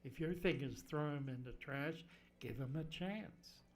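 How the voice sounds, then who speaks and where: In a room at home full of fish tanks, a man hosts a casual fishkeeping livestream, answering viewer questions and thinking aloud while fiddling with his desk microphone. His voice is a little high and his pace measured.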